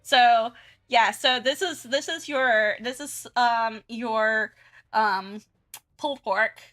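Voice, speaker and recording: A giggly young woman chats loosely as she draws on stream, her voice bright and a little high. She restarts often, and faint music plays behind her. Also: slow. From Southern United States. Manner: chatty and giggly, many restarts and fillers. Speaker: art streamer. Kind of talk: casual chat while drawing on stream.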